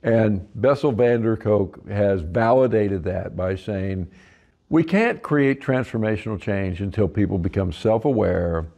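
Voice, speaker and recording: With a fairly low, mellow voice edged with vocal fry, a facilitator trainer talks unhurriedly through his instruction. When quoting clients, he shifts into a more animated voice.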